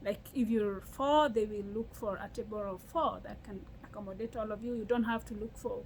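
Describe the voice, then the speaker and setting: A woman's voice: medium pitch, a little fast, slight background noise, low-quality recording. A young Kenyan woman with a Kenyan accent, chatting animatedly in a casual vlog and restarting her sentences often. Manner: animated storytelling with frequent laughs and restarts. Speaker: vlogger. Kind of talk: casual chat.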